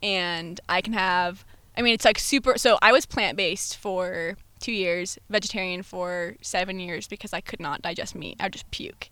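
A woman in her twenties, chatting as a podcast guest and telling her story in a lively, slangy way with frequent laughter. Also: fairly low pitch, moderate pace, smooth, no room sound. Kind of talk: casual chat.

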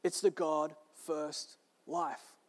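Pastor, male, high-pitched and emphatic, preaching in a big reverberant hall. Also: level tone, very slow. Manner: emphatic, repeating key phrases. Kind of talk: sermon. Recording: long reverb of a large hall.

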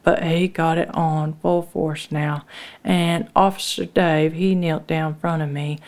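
A woman's voice: deep voice, steady tone, unhurried, a little mellow. A woman telling a dramatic first-person story in an earnest rural dialect.

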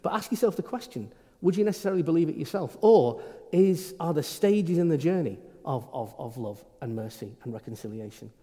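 Man, priest, informal sermon, stammered restarts, lively pitch, long hall reverb. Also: fairly quick, few pauses. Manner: conversational, frequent stammered restarts.

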